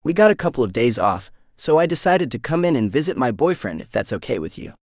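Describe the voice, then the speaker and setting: A man's voice: medium pitch, very animated, quick pace, a little mellow, dry recording, studio quality. A man doing an easygoing Tennessee football player. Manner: easygoing, open.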